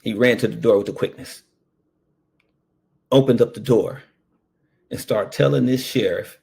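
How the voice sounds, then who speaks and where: A man, a paramedic, telling a personal story in an animated, earnest way. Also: fairly low pitch. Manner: slow, gravelly, animated storytelling.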